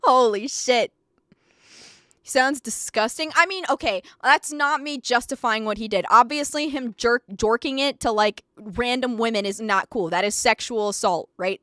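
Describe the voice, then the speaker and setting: A woman streamer reacting live, her high, bright voice jumping between excited outbursts and rambling asides. She swears freely and keeps breaking into laughter. The sound is close and dry, with no room behind it. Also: normal speed, no room sound.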